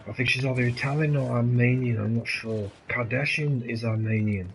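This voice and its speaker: A man with an Australian accent chatting casually and excitably while streaming a game, rambling and swearing now and then. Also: mid-range voice, brisk, vocal fry, a little hiss or hum, poor audio. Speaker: gaming streamer.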